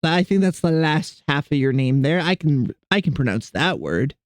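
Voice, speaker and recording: A man's voice: a little high, normal speed, no echo, clean studio sound. Chatty self-deprecating male streamer. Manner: rambling, self-deprecating, animated reading of chat. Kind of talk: casual chat with viewers.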